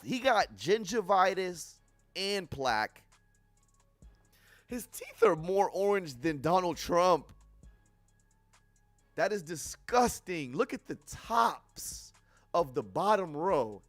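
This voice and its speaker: A man's voice: high-pitched, slow pace, pauses often, no echo. Young guy ranting on his stream, swinging up and down a lot, dry close mic with faint music behind. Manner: profane, animated, laughs often. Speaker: livestream host. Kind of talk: casual commentary on news clips.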